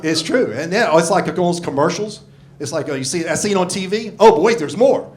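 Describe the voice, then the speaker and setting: A man's voice: high-pitched, animated, fairly quick. A man in his sixties doing a crude, self-mocking stand-up set on a club stage, swearing freely into a handheld mic. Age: 60s. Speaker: stand-up comedian. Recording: live club audio with crowd laughter. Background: audience laughing.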